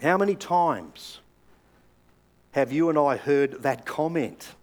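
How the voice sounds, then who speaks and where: A man's voice: fairly high pitch, expressive, takes it slowly. An older Australian man preaching a sermon, telling stories in a conversational way with hesitant fillers. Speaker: pastor.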